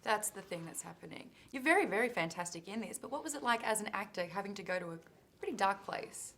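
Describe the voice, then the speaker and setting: A female interviewer asking film actors questions in a playful, teasing way, quick to laugh. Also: mid-range voice, lively intonation, a bit bright. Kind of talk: press junket interview.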